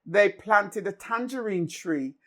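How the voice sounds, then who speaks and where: A woman's voice: medium pitch, lively intonation, slow. An older woman from Jamaica with a Jamaican accent, telling childhood stories in a casual family chat, often laughing. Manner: laughs often, storytelling with restarts. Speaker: podcast host.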